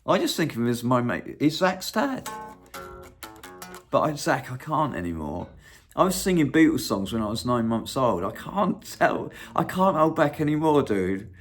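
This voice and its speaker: A man's voice: medium pitch, very animated, moderate pace, soft background music. A man hosting his own channel, talking in a rambling casual monologue, swearing freely and breaking into humming and singing snatches of songs. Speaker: channel host.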